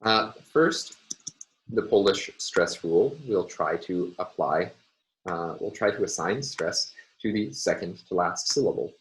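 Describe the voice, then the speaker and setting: Man, very deep voice, university lecture, methodical step-by-step explaining, filler pauses, faint clicking behind. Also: expressive, a little hiss or hum, rough recording. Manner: measured, explanatory, frequent "uh" and "um" pauses. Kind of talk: recorded phonology lecture.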